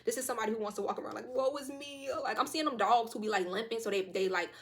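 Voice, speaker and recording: Fast-talking young woman tarot reader. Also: medium pitch. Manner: fast, loose and profane, with lively quoted asides. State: slightly hoarse throat. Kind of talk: casual tarot reading.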